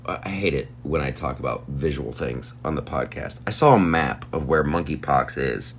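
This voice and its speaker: A man's voice: very deep voice, animated, moderate pace, gravelly, a little hiss or hum. A man hosting a podcast, delivering a heated, profane and sarcastic rant. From United States. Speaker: podcast host. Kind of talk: ranting podcast monologue.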